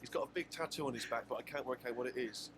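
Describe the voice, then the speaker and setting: A man reading his diary aloud in a deadpan, matter-of-fact way. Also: mid-range voice, rapid-fire. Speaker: diary writer reading on a radio show. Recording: clip with clear background noise.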